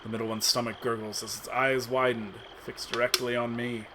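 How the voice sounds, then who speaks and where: A man's voice: mid-range voice, level tone, a little fast, noisy background. A man streaming himself reading a text adventure aloud as dramatic narration, with asides. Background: game music.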